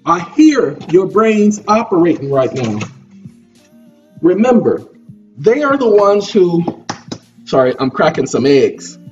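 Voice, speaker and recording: A man with a high-pitched voice lectures his viewers in a repetitive, preachy monologue from his computer desk. He keeps checking in with "okay?" as he talks. He sits back from the mic, and the lo-fi sound carries faint music behind it. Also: sing-song, slow pace, pauses often, a little mellow, distant mic.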